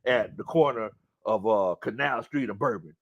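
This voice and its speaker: A man hosting a casual sports talk show, animated and quick to laugh. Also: fairly low pitch, highs cut off. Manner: animated, breaks into loud laughs and shouts, does voices.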